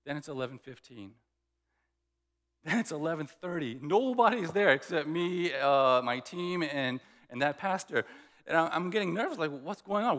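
A man's voice: fairly high pitch, fairly bright tone, big-room sound. A man preaching a sermon, telling a story and acting out both sides of conversations. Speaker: pastor.

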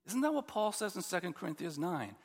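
A man preaching a sermon as pastor, expressive and building to emphatic, repeated points. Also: high-pitched, brisk, slightly rough, in a large hall.

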